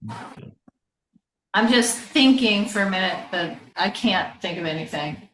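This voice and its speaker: A woman's voice: mid-range voice, lively intonation, unhurried, fairly bright tone. A woman council member chatting in a wry, gossipy way during a neighborhood meeting. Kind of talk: casual meeting discussion. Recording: echoey room with faint background noise.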